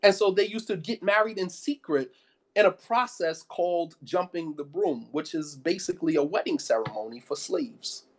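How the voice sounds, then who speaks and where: A man's voice: a little high, normal speed. A man giving an impassioned sermon, firing off rhetorical questions and repeating phrases for emphasis. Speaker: preacher.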